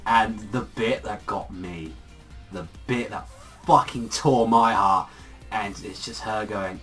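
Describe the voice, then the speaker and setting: A man's voice: lowish voice, steady tone, unhurried, a bit bright. Gushing young man, rambling review. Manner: rambling, filler-heavy, swears freely, gushing. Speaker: anime and manga reviewer. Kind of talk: casual spoken video review. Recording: far from the mic, faint music behind.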